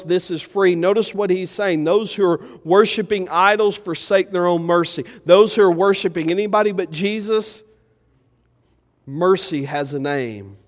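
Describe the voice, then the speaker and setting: A pastor preaching a sermon, moving between loud, urgent pleas and quiet, low reflection. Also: male voice. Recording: church hall with long reverb.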